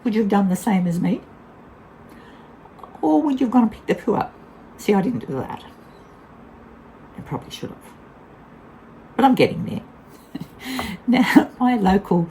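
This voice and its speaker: A woman's voice: mid-range voice, sing-song, unhurried, pauses often, warm tone, a little hiss or hum, rough recording. An older woman tells a casual vlog story in a blunt, candid way, laughing often. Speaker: vlogger.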